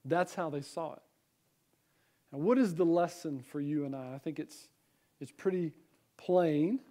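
A man with a Southern American accent delivers a Sunday morning sermon. His voice sits high for a man. He mixes scripture reading with easy asides and rhetorical questions to the congregation. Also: a little slow, dark tone. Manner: conversational preaching with rhetorical questions. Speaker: pastor.

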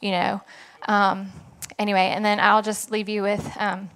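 A woman telling her testimony in front of a church. Her voice stays level and flat in pitch, and she pauses often with ums as she nervously searches for words. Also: smooth. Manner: hesitant, many ums and likes, a little nervous. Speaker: congregation member giving testimony. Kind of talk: personal testimony.

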